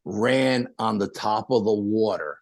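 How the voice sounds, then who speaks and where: Gravelly-voiced man from New telling a story. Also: on the low side, a little slow, no echo. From New York. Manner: animated, acts out the voices of people in his stories. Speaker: podcast guest. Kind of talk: storytelling in a casual interview.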